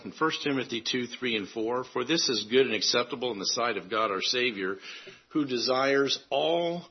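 A man preaching a sermon in an earnest way, halting often and restarting his phrases. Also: medium pitch, breathy edge, muffled recording.

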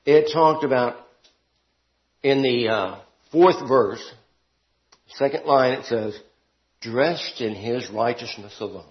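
A man teaching a Bible class. He talks expressively, rising to emphatic peaks and dropping to quiet asides. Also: mid-range voice, slow pace, pauses often. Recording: dull lo-fi classroom recording.

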